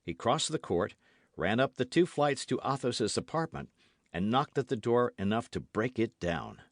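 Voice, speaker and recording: Brief: male narrator, lively intonation, dry close studio sound. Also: mid-range voice, normal speed, no room sound. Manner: expressive, animated reading. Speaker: audiobook narrator. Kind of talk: scripted narration.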